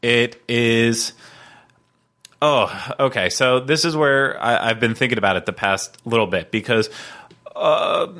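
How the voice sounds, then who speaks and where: A man's voice: lowish voice, sharp tone. A man hosting a podcast in casual chat, rambling with lots of fillers and playful banter. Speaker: podcast host.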